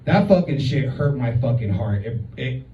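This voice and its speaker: A man's voice: medium pitch, lively intonation, normal speed. A man in his thirties telling a story as a stand-up comedian, profane and chatty with many filler words. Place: comedy club stage. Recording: roomy, distant, muffled club recording.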